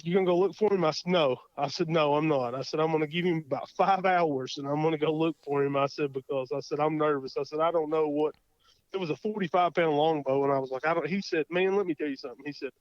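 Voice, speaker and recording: A man with an Oklahoma accent, a guest telling a hunting story in a casual interview, folksy and animated, acting out his own thoughts. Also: fairly high pitch, fast talker, no room sound. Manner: folksy, animated, lots of quoted self-talk. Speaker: guest hunter. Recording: muffled dry podcast audio.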